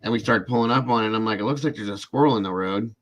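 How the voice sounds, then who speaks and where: A man's voice: lowish voice, very fast, a bit bright. Rambling man telling a story to viewers. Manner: rambling, repeats himself with fillers like "this and that"; speaks directly to viewers in chat. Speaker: host of a live true-crime show. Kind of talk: casual storytelling on a livestream.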